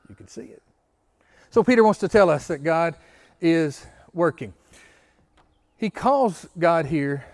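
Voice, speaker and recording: A male pastor giving an interactive sermon, often asking the congregation questions, repeating key phrases and stammering through restarts. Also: a little high.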